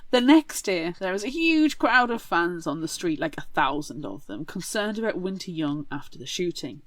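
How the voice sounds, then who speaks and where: A woman's voice: on the low side, very animated, moderate pace, hardly any pauses, no room sound. Wry woman summarizing a book. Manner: wry, sarcastic asides while summarizing. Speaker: podcast co-host. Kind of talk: casual book recap.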